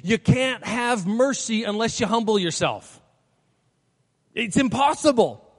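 A man preaches a sermon and acts out the characters in his stories with lively voices. His voice sits high. It rings through a large hall with a long echo. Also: measured pace. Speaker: pastor. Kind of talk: sermon with storytelling.

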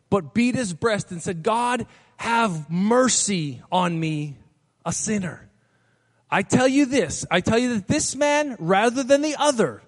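A man preaches a sermon and acts out the characters in his stories with lively voices. His voice sits high. It rings through a large hall with a long echo. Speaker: pastor. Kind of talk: sermon with storytelling.

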